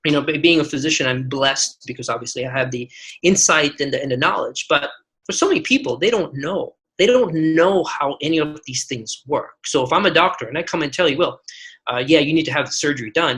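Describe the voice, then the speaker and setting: A man's voice: a little high, a bit bright, poor audio. A man in his forties, a physician guest on a podcast, telling personal stories earnestly with frequent restarts. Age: 40s. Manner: earnest, storytelling with many restarts. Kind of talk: podcast interview.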